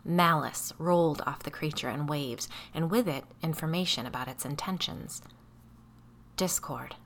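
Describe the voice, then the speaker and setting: A woman reading a first-person story aloud in a measured, tense storytelling manner. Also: sits low, fairly bright tone. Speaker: audiobook narrator.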